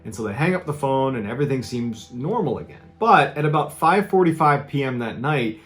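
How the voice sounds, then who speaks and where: A man hosting a show, telling a dark true story in a dramatic, conversational way with casual fillers. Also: mid-range voice, lively intonation, brisk, soft background music. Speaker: host and storyteller. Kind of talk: true-crime storytelling narration.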